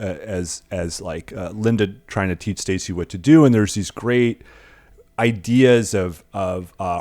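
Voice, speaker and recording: A man's voice: mid-range voice, darkish tone. A middle-aged man co-hosting a podcast, discussing a film in a rambling, casual way. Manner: rambling analysis with many restarts and fillers. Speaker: podcast co-host. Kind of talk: casual chat.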